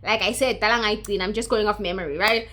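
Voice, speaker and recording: Woman, movie recap vlog, mocking, bright tone. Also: mid-range voice, fairly even intonation, quick pace. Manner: chatty and mocking, acts out characters. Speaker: YouTuber.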